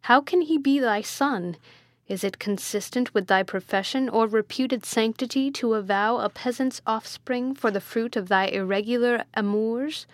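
A woman reading the part of a stern, proud male prince, delivering his lines with forceful declamation. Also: a little high, normal speed, no echo, lightly acted.

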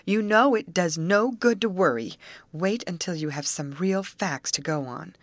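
A brisk, sensible girl who leads her friends, as a woman reader puts her on, firm and bracing in every word. She sounds a little higher than the reader's own low voice. The sound is dry and close. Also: no room sound. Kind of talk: audiobook character voice.

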